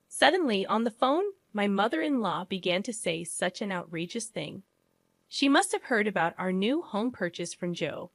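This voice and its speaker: A woman's voice: medium pitch, lively intonation, moderate pace, no room sound, studio quality. Woman narrating a first-person story.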